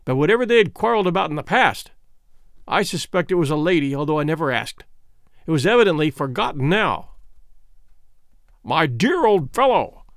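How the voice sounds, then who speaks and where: Brief: male audiobook reader, high animated voice, measured storytelling, dry booth sound. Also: clean tone, no echo. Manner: measured first-person storytelling. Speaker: audiobook narrator. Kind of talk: scripted narration.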